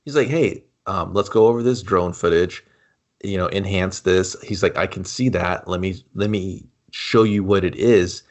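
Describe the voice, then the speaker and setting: A man co-hosting a casual movie review podcast, joking and acting out scenes in quick put-on voices. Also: deep voice. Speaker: podcast co-host.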